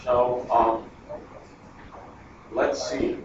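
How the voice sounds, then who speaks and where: Extremely slow and medium-pitched, with very little pitch movement, a man lectures on math at a board. He's chatty and prone to digressions, working things out aloud. The sound is noisy and echoey, from a lo-fi mic set far away in the classroom.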